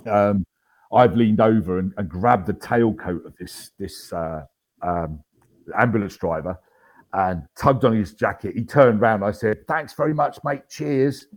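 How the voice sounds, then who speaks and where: A man's voice: fairly low pitch, a little slow. A man in his fifties, an army veteran guest, telling his story in a casual interview with wry humour and many ums and restarts.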